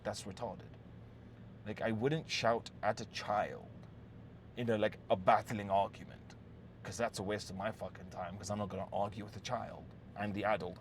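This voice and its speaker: A man with a fairly low voice talks through relationship advice in a loose, unscripted monologue. He is blunt and profane, trips over his words and starts again, and keeps asking the listener "yes?" A faint noise runs under the recording. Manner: blunt, heavy swearing, frequent "yes?" check-ins; restarts and repeated words.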